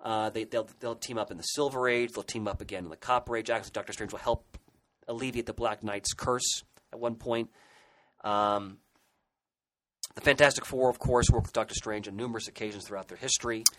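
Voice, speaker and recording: Low-voiced man co-hosting a comics podcast. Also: fairly even intonation, a little fast, fairly bright tone, rough recording. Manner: enthusiastic, hesitant restarts and fillers. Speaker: podcast co-host. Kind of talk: casual podcast discussion.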